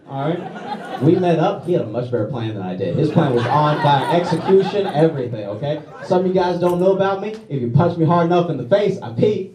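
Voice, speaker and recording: A man from Louisiana doing a stand-up set, self-deprecating, tagging lines with quick "all right?" and "okay?" asides. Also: fairly high pitch, lively intonation, distant mic. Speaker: stand-up comedian. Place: comedy club stage with a live audience. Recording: roomy venue audio with crowd laughter.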